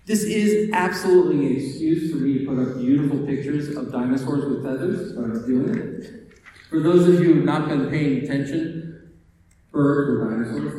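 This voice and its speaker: A man giving a conference keynote as a librarian, animated and joking, firing off rhetorical questions. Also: on the high side, a little hiss or hum. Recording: echoey hall from far off.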